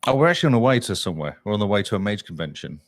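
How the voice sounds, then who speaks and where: A man's voice: on the low side, big pitch swings, rapid-fire, no room sound, studio quality. A man playing a tabletop role-playing game, asking questions in a casual, playful way. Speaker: player. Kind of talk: tabletop role-play as a player.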